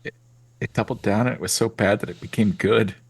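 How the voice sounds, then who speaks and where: A man's voice: lowish voice, fairly even intonation, a little fast, vocal fry, breathy edge, dry recording. A man playing a tabletop role-play game, sarcastic and teasing. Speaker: player.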